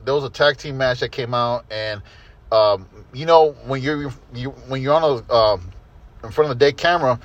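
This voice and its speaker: Excited man telling a wild story. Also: mid-range voice, normal speed, lo-fi sound. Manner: rambling, excited storytelling with swearing and laughs. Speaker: storyteller friend. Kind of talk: casual chat.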